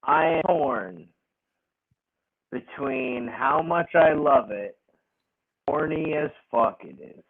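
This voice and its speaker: A man with a gravelly, husky voice talks wrestling in an unhurried, profane ramble. The sound is tinny, like a phone line. He laughs often while he talks. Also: on the high side. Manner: profane, animated, laughing rants. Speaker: podcast co-host. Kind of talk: casual wrestling chat.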